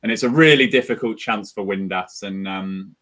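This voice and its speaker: This is a man talking through a football match on a fan watchalong. He describes the chances in a measured, detailed way, and his voice sits a little low. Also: a bit bright. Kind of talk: casual match chat and commentary.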